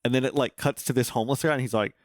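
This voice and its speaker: A man co-hosting a casual podcast chat, swearing freely and spinning animated stories and hypotheticals. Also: mid-range voice, rapid-fire, no echo, clean studio sound. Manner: profane, animated storyteller posing hypotheticals. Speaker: podcast co-host.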